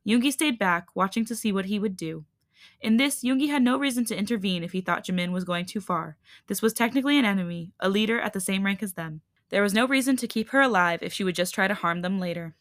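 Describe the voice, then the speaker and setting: A woman host narrating a fan fiction story in an even, measured reading. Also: medium pitch, no echo, clean studio sound.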